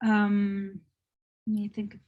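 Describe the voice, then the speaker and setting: A woman's voice: mid-range voice, completely flat delivery, takes it slowly, narrow, tinny audio. A woman with an Arabic accent teaching an online English lesson, explaining patiently and often checking in with "okay?". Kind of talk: online lecture.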